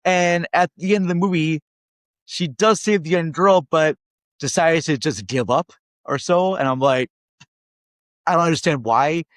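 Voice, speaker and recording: A Minnesota man rambles through a casual movie review in a fairly high voice, speaking a little slowly with long pauses and no room sound. He keeps tagging his lines with "all right?" and now and then grows worked up and exasperated.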